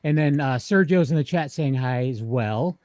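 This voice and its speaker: A man with a Massachusetts accent hosting a live horror podcast, chatting casually with friendly, halting speech. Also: mid-range voice, a little mellow, no room sound, studio quality. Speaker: podcast host. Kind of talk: casual live show chat.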